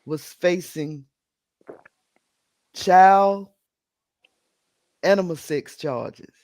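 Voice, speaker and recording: A man co-hosting a casual podcast, chatting and reading an article aloud with animated exclamations. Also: sits high, extremely slow, no echo. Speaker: podcast co-host.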